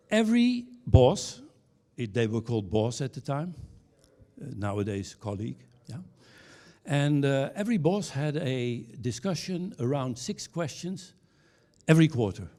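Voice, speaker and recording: Mellow-voiced man telling stage anecdotes. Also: medium pitch. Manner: anecdotal storyteller with halting restarts, ending on punchlines. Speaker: keynote speaker. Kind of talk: conference keynote talk. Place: conference stage.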